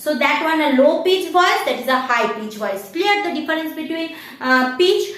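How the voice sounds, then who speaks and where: A woman teacher, lecturing a class on physics, often stopping to ask "Clear?" and singing short examples. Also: high voice, very animated, fairly quick, fairly bright tone. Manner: explains with sung examples and repeated "Clear?" checks. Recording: very echoey room.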